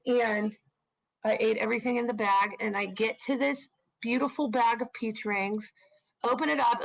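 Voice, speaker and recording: A woman co-hosting a live stream, telling frank, animated personal stories and swearing for emphasis. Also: on the high side, creaky, poor audio. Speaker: co-host of a live stream channel. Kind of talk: casual storytelling on a live stream.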